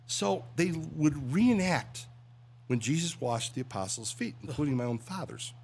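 Guest: veteran radio voice, animated storyteller, pitch swinging all over. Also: male voice, moderate pace, slight background noise. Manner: animated, tells jokes with acted voices. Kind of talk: casual chat and joke-telling.

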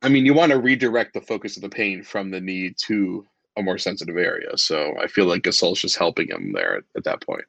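A man's voice: low voice, animated, a little fast, creaky, hardly any pauses, a bit bright, no echo. A man co-hosting a sports podcast, making dry wisecracking asides in casual chat. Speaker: podcast co-host.

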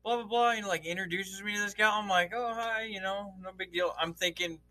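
Man, casual storyteller, high bright voice, swears freely, plays out quotes. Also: a little fast. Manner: profane, laughing storytelling. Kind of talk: casual chat.

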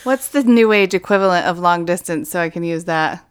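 A woman's voice: on the low side, a little fast, clear, resonant tone. A woman co-hosting a podcast in casual chat, easygoing and swearing casually. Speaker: podcast co-host and editor.

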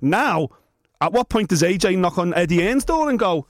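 A man's voice: high-pitched, big pitch swings, normal speed, no room sound, clean studio sound. A man hosting a podcast in casual chat, emphatic, opinionated and swearing. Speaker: podcast host.

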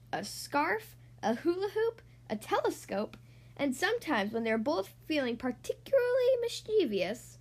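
A woman reading a children's storybook aloud in an animated, sing-song way. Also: high-pitched.

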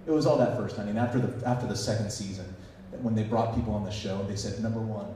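A man with a lowish, dark voice talks fast as he tells stories to a conference audience, animated and acting out quoted lines. The recording is distant and echoey, taken in the hall, with slight background noise.

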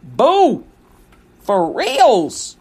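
A woman voicing a greedy, scheming male mayor who talks in loud, brash street slang. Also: on the high side, expressive, moderate pace, lightly acted. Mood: bargaining.

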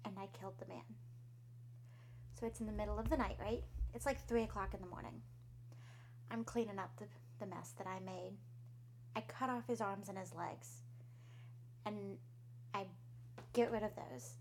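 A woman casually retelling a horror story in the first person, dropping to a hush and whispering heartbeat sounds. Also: mid-range voice, fairly even intonation, normal speed, pauses often, slight background noise. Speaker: podcast co-host telling a spooky story.

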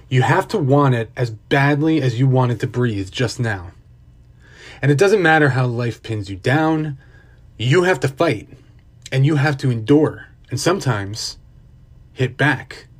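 Man doing a stern, husky millionaire mentor. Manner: calm, low and commanding.

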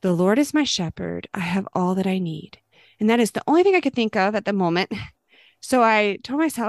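A middle-aged woman giving a personal faith testimony, earnest and gentle, dropping into a soft hush when she speaks her prayers. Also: mid-range voice, expressive, moderate pace, no room sound, studio quality.

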